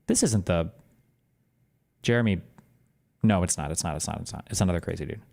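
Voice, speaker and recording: A man talking casually on his stream, explaining things quickly and animatedly, his voice jumping higher when he gets exasperated. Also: creaky. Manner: fast, animated, explanatory talk that jumps up in pitch when exasperated. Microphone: close desk microphone.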